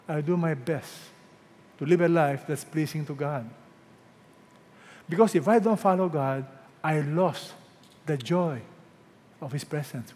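A man preaching a sermon, asking the congregation questions and swinging between loud emphatic peaks and hushed, drawn-out quotes. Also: fairly high pitch. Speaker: pastor. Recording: hall reverb.

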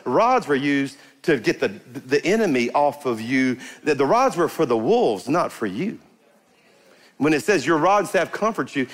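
A middle-aged pastor with a drawl delivers a lively sermon, his pitch leaping high on the points he stresses. He calls out to the congregation and builds to fervent peaks before dropping back to a conversational tone. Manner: animated, emphatic, rising to bursts of fervor, calls out to the congregation. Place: church sanctuary before a congregation.

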